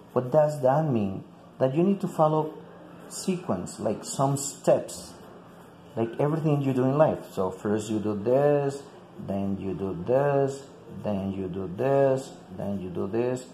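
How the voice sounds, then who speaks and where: A male English teacher walks fellow teachers through a classroom activity one step at a time, with a mellow, dark voice. He fills his talk with "like" and repeats words as he goes. The room is echoey with faint ambient noise behind him. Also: mid-range voice. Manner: explains step by step with frequent "like" and repeats.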